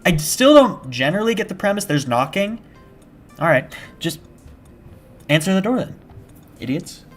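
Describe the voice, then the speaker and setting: A young man chatting casually on a live gaming stream, rambling and restarting his sentences, with bursts of shouted panic. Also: high-pitched, sing-song, moderate pace. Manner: rambling and self-interrupting, with sudden shouted panic at scares. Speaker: game streamer. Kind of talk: casual live-stream chat while playing. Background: background music.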